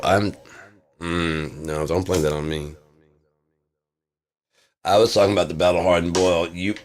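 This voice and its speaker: A man delivering a rambling comedic monologue in laid-back rocker slang, drawling and swinging from loud bursts to mumbles. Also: low-pitched.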